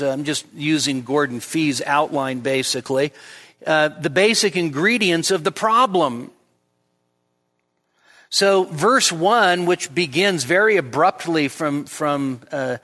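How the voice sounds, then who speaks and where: A man's voice: on the high side, sharp tone, long reverb tail. A male pastor giving an expository midweek sermon, teaching with emphasis and often restarting his words. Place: church hall.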